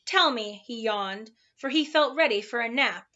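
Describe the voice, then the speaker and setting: A woman reads a children's storybook aloud, expressive and animated. Her voice is bright and a bit high, and the recording is dull and lo-fi. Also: moderate pace. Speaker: narrator.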